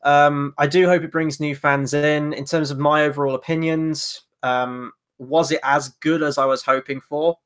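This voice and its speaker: A man's voice: a little high, flat delivery, moderate pace, few pauses, fairly bright tone, clear, resonant tone. A man hosting a casual film review, conversational and wry.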